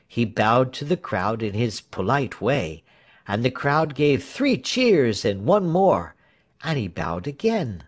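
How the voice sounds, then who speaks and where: A man reading a storybook aloud as narrator. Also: medium pitch. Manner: slow, lively storytelling with shifting character voices. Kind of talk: storybook reading with acted voices.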